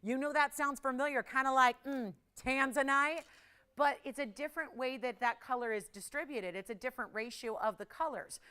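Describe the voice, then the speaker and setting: Bright, chatty woman hosting a shopping show. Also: sits high, a little fast, clear, resonant tone. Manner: chatty, excitable, laughs often, talks to callers and operators. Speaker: jewelry shopping host. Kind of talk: live TV shopping pitch.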